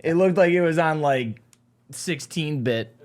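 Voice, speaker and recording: A man's voice: a little high, measured pace. A man hosting a talk show in a studio, chatting casually in an upbeat, hype-man manner. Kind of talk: casual chat.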